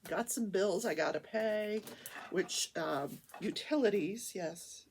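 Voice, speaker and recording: A woman hosting a crafting talk show, chatting in a rambling, animated way from a small home studio. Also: lowish voice, slow, a little hiss or hum. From Wichita, Kansas, USA. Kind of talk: casual chat while crafting.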